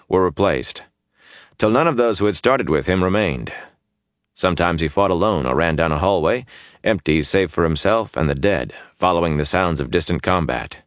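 A man reading fantasy fiction aloud in a measured, even audiobook narration on a close studio mic. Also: deep voice, no room sound.

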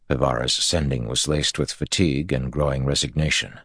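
A man narrates an audiobook in a measured, storytelling way. His voice is extremely deep and gravelly, with a husky grain, and the recording is close and dry. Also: steady tone, fairly bright tone, dry recording. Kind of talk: scripted narration.

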